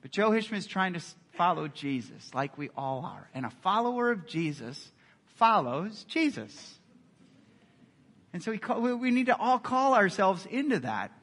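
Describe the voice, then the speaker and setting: Bright, high-voiced male pastor preaching. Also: very animated, normal speed. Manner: earnest, acts out quoted dialogue. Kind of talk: sermon.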